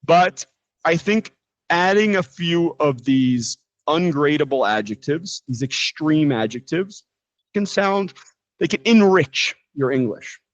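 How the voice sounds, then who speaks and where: An American man teaching a live English lesson in a relaxed, chatty way with frequent asides. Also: fairly high pitch, slow pace, dry recording, low-quality recording. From United States. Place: living in Brazil, teaching from a quiet room.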